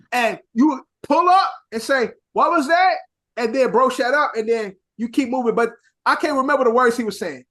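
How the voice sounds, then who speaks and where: A young man from Chicago co-hosting a podcast in casual chat, with a Chicago accent mixed with New York slang, talking in an animated, rambling way full of swearing. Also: very high-pitched. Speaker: podcast co-host.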